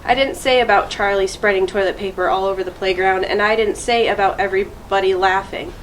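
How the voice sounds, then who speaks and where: A woman voicing an excitable little girl who blurts things out in a squealing rush, in a storybook. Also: medium pitch, fairly quick, slight background noise, lightly acted, low-quality recording. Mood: eager.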